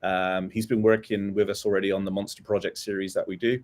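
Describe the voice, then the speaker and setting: A man hosting a live motocross talk show, relaxed and chatty with plenty of "um" and "uh" fillers. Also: deep voice, fast. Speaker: host.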